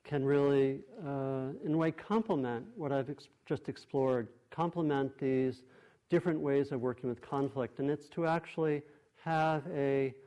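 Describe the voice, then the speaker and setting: A meditation teacher delivers a dharma talk in a meditation hall in a middle-pitched voice. Gentle and reflective, he often stops and restarts his phrases while reaching for the right words.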